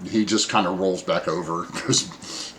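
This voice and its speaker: A man's voice: low-pitched, fairly even intonation, unhurried, fairly bright tone, a little hiss or hum. Hesitant man narrating a tabletop game. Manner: hesitant, filler-heavy narration. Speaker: game master.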